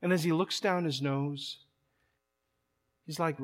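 A man's voice: on the high side, fairly even intonation, slow, pauses often. A man preaching a sermon, emphatic and repeating words as he builds each point. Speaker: pastor.

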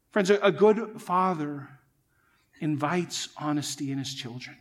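A pastor delivers his sermon in a fairly high male voice, earnest and emphatic. He presses his points home and keeps turning to the congregation as friends. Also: a little slow. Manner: earnest, emphatic preaching, addresses listeners as friends.

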